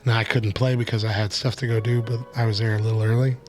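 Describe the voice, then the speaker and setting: A man's voice: fairly low pitch, flat delivery, a little mellow, faint music behind. A man co-hosting a live stream show in casual chat, his voice strained, joking and laughing often. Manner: jokey, laughs often, slips into a slow sultry radio voice. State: strained, struggling voice.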